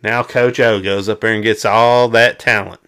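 A man from South Arkansas with a Southern accent, co-hosting a casual sports chat and ranting in an animated, exclamatory way. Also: fairly low pitch, normal speed, clean tone. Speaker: sports podcast co-host.

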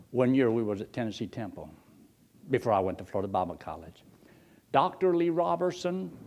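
Husky older preacher, very animated. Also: male voice. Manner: folksy, animated, jumps high when excited, drops low for quotes. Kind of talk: storytelling sermon.

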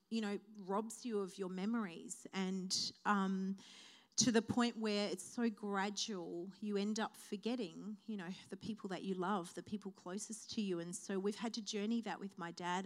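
A woman preaching a sermon at a church service, speaking heartfelt and building to a rising preaching cadence. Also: medium pitch.

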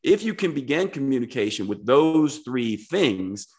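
A man's voice: medium pitch, sing-song, a little slow. A man speaking as a podcast guest, explaining his ideas earnestly and reflectively, step by step. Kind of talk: casual podcast conversation.

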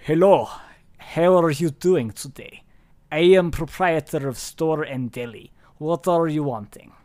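A man's voice: on the high side, unhurried, a little mellow, natural voice. Man putting on a Russian-accented deli owner. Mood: welcoming. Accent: put-on Russian. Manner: broken English, mournful and theatrical. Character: gloomy immigrant deli owner, middle-aged man.

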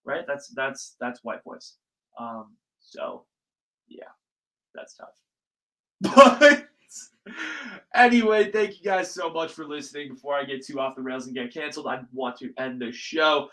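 Bright-voiced young man ranting animatedly. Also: medium pitch, unhurried, low-quality recording. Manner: animated, ranting, swears freely. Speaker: podcast host. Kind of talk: casual solo podcast monologue.

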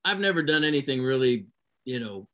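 A man casually recalling stagehand pranks in a relaxed, meandering way. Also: medium pitch, a little fast. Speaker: touring stagehand. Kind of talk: casual chat.

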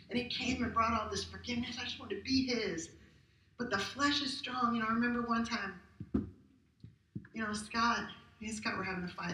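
A middle-aged woman pastor preaches in a conversational, emphatic way, often asking the congregation rhetorical questions. Her voice sits a bit high. She is some way off the mic, and her voice carries through a roomy church hall. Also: a bit bright. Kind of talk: sermon. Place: church sanctuary. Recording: roomy hall captured from a distance.

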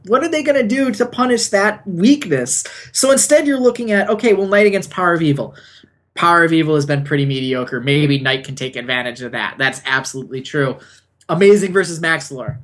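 A man's voice: on the high side, fairly bright tone. A man co-hosting a podcast, giving emphatic, opinionated esports analysis in casual chat. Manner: opinionated, emphatic, repeats for punch. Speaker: podcast co-host.

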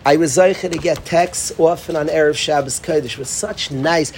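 A man's voice: on the high side, moderate pace, vocal fry, a little mellow, a little hiss or hum. A man giving an earnest Torah class, repeating himself for emphasis. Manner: earnest, repetitive, mixes Hebrew and Yiddish terms. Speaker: rabbi teaching a class.

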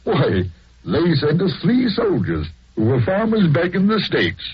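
A man's voice: fairly high pitch, huge pitch swings, measured pace, husky, exaggerated voice. A man playing a chatty rural English farmer with a folksy Buckinghamshire accent, in 1940s radio acting on a dull lo-fi recording. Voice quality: folksy, rustic.

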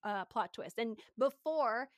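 A woman's voice: on the high side, lively intonation, a little slow, dry recording. A woman in her thirties hosts a podcast, chatting loosely and laughing often as she talks. Her voice is dry and close, with no room sound around it. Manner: chatty, laughs often, lots of "like" and "you know". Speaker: podcast host. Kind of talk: casual podcast chat.

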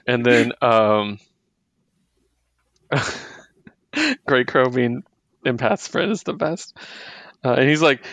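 A man's voice: medium pitch, measured pace, long pauses, a bit bright, dry recording. A man co-hosting a podcast, casually recapping comic books, laughing often and acting out the characters' lines. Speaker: podcast co-host. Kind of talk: casual comic book discussion.

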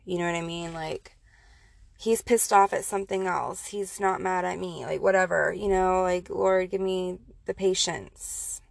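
A woman's voice: lowish voice, steady tone, normal speed, creaky, no echo. A woman casually telling a personal story, rambling with many fillers and restarts.

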